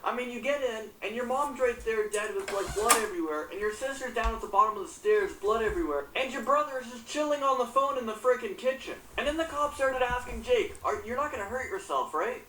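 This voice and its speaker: Indignant woman, bright and roomy. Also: on the high side, a little fast, hardly any pauses, recorded from a distance. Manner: indignant, swearing. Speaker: commentator. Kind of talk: reaction commentary. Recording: roomy echo, off-mic, faint hum.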